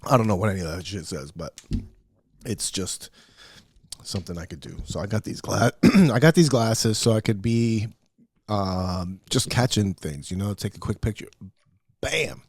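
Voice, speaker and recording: A man's voice: on the low side, moderate pace, darkish tone, slightly rough, dry recording. A middle-aged man hosting a podcast, rambling through a profane, self-mocking solo rant. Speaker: podcast host. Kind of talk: casual solo podcast monologue.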